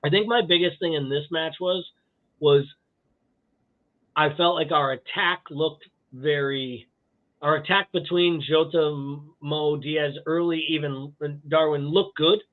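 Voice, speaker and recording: A man's voice: on the high side, steady tone, a little slow. A man co-hosting a live podcast, bantering in a wry, joking way with casual swearing. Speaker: podcast co-host. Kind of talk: casual chat. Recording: tinny phone-like line.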